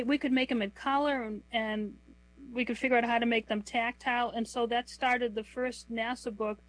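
Woman, middle-aged, interview guest, slightly high voice, patient explaining. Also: no echo, poor audio. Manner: measured, explanatory, lists items slowly. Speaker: author and guest. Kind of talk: conversational interview answers.

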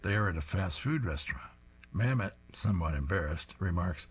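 A man reads comic strips aloud and describes each panel in detail. His voice is deep and very husky, almost breathy. He sounds amused and unhurried. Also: expressive.

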